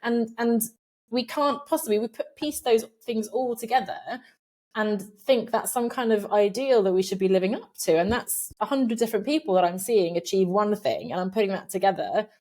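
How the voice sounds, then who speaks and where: A middle-aged woman being interviewed from her home office, talking in a lively, animated way, laughing often and acting out voices in her head. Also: medium pitch, normal speed. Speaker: podcast guest, career coach. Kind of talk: casual conversational interview.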